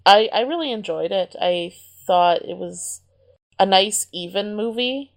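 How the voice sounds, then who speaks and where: A woman co-hosting a casual podcast. Her talk is relaxed and unpolished, with frequent laughter and the odd mild swear. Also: medium pitch, a little slow, gravelly. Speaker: podcast co-host. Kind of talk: casual chat.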